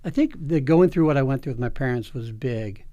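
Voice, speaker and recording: A middle-aged man tells a personal story as a guest, earnest and heartfelt. He restarts his sentences often, and his voice sits at a medium pitch. The sound is dry and close, with no room echo. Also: a little fast. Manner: earnest, emotional, animated storytelling with many restarts. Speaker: OB-GYN guest. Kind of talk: candid personal storytelling interview.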